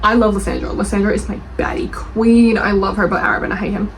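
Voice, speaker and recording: A young woman reading book reviews aloud and reacting with animated, defensive chat. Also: medium pitch, fast talker, hardly any pauses, slight background noise, poor audio. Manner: animated, gushing, defensive, laughs often.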